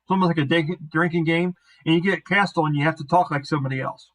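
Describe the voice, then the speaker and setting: A man's voice: fairly high pitch, fast talker, poor audio. A man narrating as game master on a voice call, rambling and self-deprecating.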